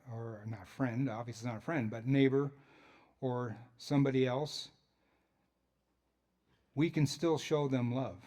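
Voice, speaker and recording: A man's voice: medium pitch, a little mellow. A man as a pastor preaching a sermon in a church, in a conversational way with joking asides.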